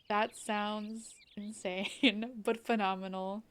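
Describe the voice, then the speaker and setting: On a game live stream, a young adult woman with a medium-pitched voice rambles in a bubbly, casual way, sprinkling in "like" and quick laughs.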